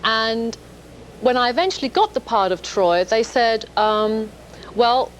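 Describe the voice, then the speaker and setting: A woman's voice: a little high, animated, unhurried, slight background noise, poor audio. A woman in her thirties from London with a London accent, chatting as a guest on a TV shopping show and laughing often. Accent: London English. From England. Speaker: guest actress. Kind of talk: casual chat. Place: TV shopping studio.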